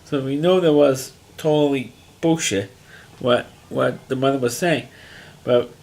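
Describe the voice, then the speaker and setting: A man's voice: mid-range voice, a little slow, gravelly, a little mellow. A man casually recapping a TV episode in a rambling monologue, restarting his sentences often. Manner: rambling, frequent restarts and fillers, plain-spoken. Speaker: TV episode reviewer.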